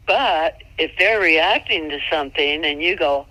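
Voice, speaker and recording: A woman mule trainer giving casual, folksy advice, chatty and quick to laugh, sometimes jumping into high, playful tones. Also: bright, forceful tone, no room sound, lo-fi sound. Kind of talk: casual instructional chat.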